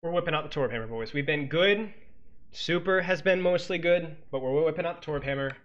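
A man's voice: on the high side, fairly quick, lo-fi sound, slight background noise. A man coaching as he analyzes a game replay, teasing and sarcastic, cracking jokes between points. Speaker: esports coach.

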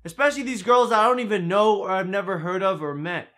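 Male reaction host, casual commentary, exasperated, bright forceful tone. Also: high-pitched, fast talker. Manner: exasperated, exclaiming, swearing.

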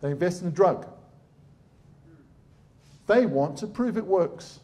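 Blunt man with a mellow voice. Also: sits high, animated, takes it slowly. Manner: blunt, sarcastic, irreverent. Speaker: surgeon giving a public talk. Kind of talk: lively public talk.

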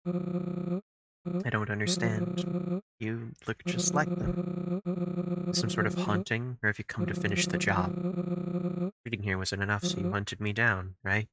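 A man voicing a lonely, wounded monster recluse who speaks in a quiet, low, mournful way. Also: lively intonation, takes it slowly, pauses often, heavy background noise. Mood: sorrowful. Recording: game music behind the voice.

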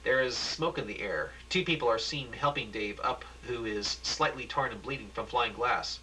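Man reading a script haltingly. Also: mid-range voice, pushed and bright, rough recording. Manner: halting, with restarts and corrections. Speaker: reader performing his own script.

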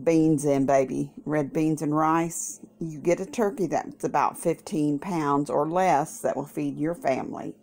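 A woman's voice: low voice, vocal fry, a little mellow, a little hiss or hum. A woman vlogging casually in her home kitchen, playful and doting, full of delighted exclamations. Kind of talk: casual cooking vlog.

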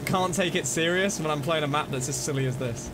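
A man streaming a zombie shooter game, chattering excitably and joking around in silly put-on voices. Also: on the high side, brisk, background noise. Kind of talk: live gameplay commentary. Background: game music and gunfire.

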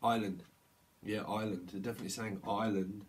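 A man's voice: fairly low pitch, fairly even intonation, quick pace, a little hiss or hum. A man giving a loose, rambling tarot reading, laughing often and acting out little quoted voices. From United Kingdom. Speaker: tarot reader. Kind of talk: channeled tarot reading to camera.

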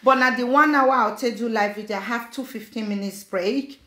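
A woman's voice: on the high side, normal speed, pushed and bright, reverberant. Chatty woman. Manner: chatty, mixes in pidgin, gives blunt advice. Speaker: vlogger. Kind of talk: casual live-stream chat.

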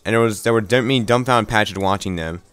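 A man's voice: fairly low pitch, fast talker, a bit bright, smooth. A man reading a visual novel aloud, stumbling and restarting words, with wry asides.

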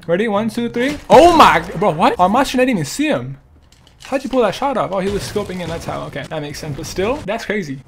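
A young man riffs excitedly over his gameplay, his pitch leaping up and down as he jokes with other players. Faint game music plays behind his voice. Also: brisk. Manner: joking, excitable, talks to players and viewers. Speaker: gaming streamer. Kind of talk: casual gameplay commentary.

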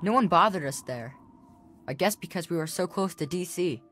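A woman's voice: on the low side, expressive, normal speed, faint music behind, natural voice. A woman voicing a frightened young boy in a video game, pleading and whining for help. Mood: explaining. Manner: scared, whiny, breathless pleading.

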